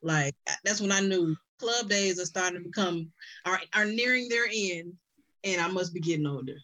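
A woman chatting casually among friends, telling lively stories and laughing often. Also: fairly low pitch, moderate pace. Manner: laughs often, animated storytelling. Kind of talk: casual chat.

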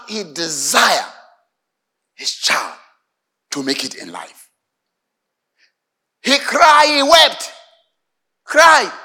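Emphatic high-voiced Ghanaian preacher. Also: male voice, sharp tone. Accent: Ghanaian English. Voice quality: emphatic, asks the congregation to fill in words. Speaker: pastor. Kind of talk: sermon.

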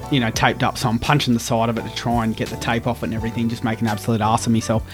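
An Australian man chats on a podcast with his mates, telling stories in a lively, sweary way. His voice sits at an ordinary pitch for a man. Soft music plays faintly behind him. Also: rapid-fire. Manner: animated storyteller, swears freely. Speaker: podcast co-host. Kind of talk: casual chat among mates.

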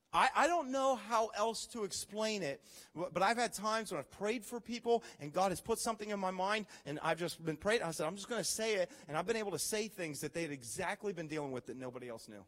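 A man preaching a sermon as pastor, telling stories with animated, acted-out reactions. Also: fairly high pitch, brisk, long reverb tail. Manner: animated storytelling, acts out his own reactions.

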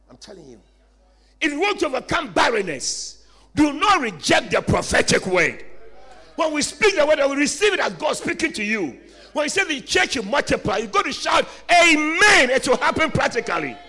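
A man preaching a sermon in a church, shouting lines and calling for responses from the congregation. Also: very high voice.

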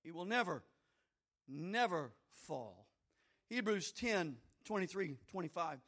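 A man preaching a sermon, swinging between shouted fervor and quiet, folksy asides to his listeners. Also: sits high, expressive, takes it slowly. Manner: addresses listeners directly, folksy.

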